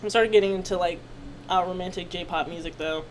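A woman's voice: on the low side, fairly even intonation, a little fast, a little hiss or hum. A young woman from Maryland co-hosting a podcast, chatting loosely with profane, jokey banter. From Maryland, USA. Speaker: podcast co-host. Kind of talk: casual chat.

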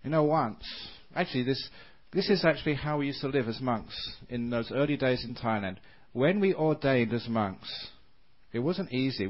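Monk giving a dharma talk, animated storyteller, average voice, dull recording. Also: male voice, medium pitch. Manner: animated storyteller, laughs often. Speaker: Buddhist monk.

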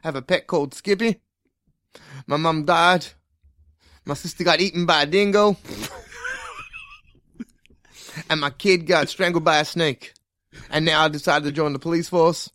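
A man's voice: sits high, expressive, a little fast, fairly bright tone, no echo. A man improvising a hot-headed detective with a patchy mixed accent who rambles through an absurd tragic backstory. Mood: rambling. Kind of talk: improvised comedy role-play.

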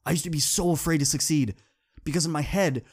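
A man's voice: a little high, fast, breathy edge. A young man hosting a podcast, speaking earnestly in a motivational monologue that builds into impassioned repetition. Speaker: podcast host.

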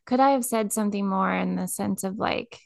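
A woman's voice: medium pitch, fairly quick, vocal fry, darkish tone, no room sound, clean studio sound. A woman co-hosting a podcast, telling a personal story in casual chat, filling her speech with "like" and getting emotional. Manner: filler-heavy, says "like" constantly, emotional. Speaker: podcast co-host.

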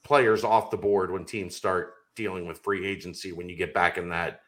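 A man with a low, bright, forceful voice holds forth on a sports podcast. He argues insistently in casual debate and drifts into long, rambling stories. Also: steady tone, normal speed. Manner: emphatic, insistent, rambling storyteller.

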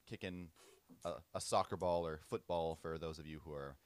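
A young man co-hosting a casual podcast, telling stories in a relaxed, easygoing way. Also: deep voice, normal speed, clean tone. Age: young adult. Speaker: podcast co-host. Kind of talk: casual chat, storytelling.

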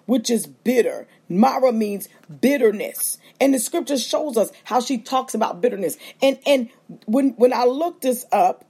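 A woman preaching with fervor, calling out to her listeners and slipping into quick acted-out asides. Her voice sits a bit high and has a husky edge. She speaks, carried over a livestream feed. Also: animated, warm tone. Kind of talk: sermon.

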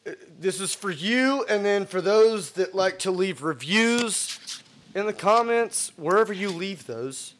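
A man's voice: high-pitched, expressive, measured pace, a bit bright, slight background noise. Blunt, swearing male podcast co-host. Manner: blunt, swears freely, repeats words when starting. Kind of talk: casual podcast chat.

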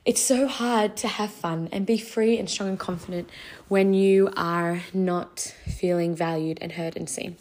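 A woman's voice: medium pitch, fairly even intonation, unhurried, darkish tone. A young adult woman hosting a casual faith podcast, earnest and encouraging, rambling a little and out of breath. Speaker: podcast host.

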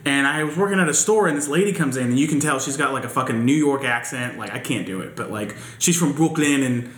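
A man telling a story in casual chat, quick and profane. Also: medium pitch, fairly bright tone, roomy sound.

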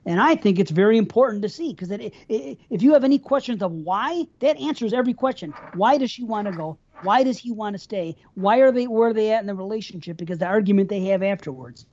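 Woman, co-host, mellow dark tone, swears a lot, rambles through scene recaps, slightly muffled recording. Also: mid-range voice, animated, fast talker, few pauses. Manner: profane, rambling, retells scenes at length. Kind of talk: casual film discussion.

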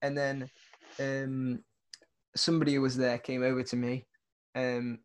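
A young British man telling a long story in casual chat. He rambles and stays animated, laughing through it, at an ordinary mid pitch. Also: measured pace. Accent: British English.

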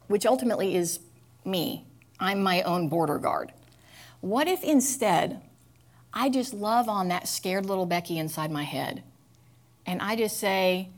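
Brief: earnest woman sharing openly, hesitant pauses, middle pitch. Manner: confessional, earnest, halting with fillers. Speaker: speaker. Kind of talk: candid personal talk.

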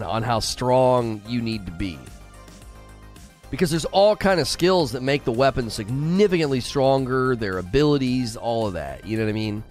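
Guy hosting a gaming stream, rambly and repeats stuff, voice jumps up and down a lot, soft music under it. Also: mid-range voice. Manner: animated, rambling, repeats himself. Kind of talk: casual live-stream chat.

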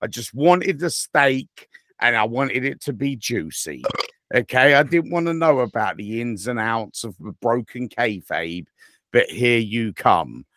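A man co-hosts a casual podcast, spinning long, profane stories with a lively voice that leaps all over. His pitch sits in the middle for a man. The sound is dry and close, with no room around it. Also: unhurried, no room sound. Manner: animated, rambling and profane storyteller. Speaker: podcast co-host.

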